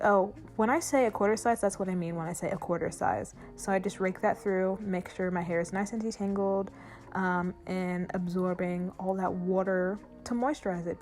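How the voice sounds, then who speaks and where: A woman's voice: fairly low pitch, darkish tone. A woman talking casually through her hair-washing steps in the shower for a vlog. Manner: easygoing, walking through each step. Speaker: hair vlogger. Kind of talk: casual how-to vlog narration. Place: bathroom shower.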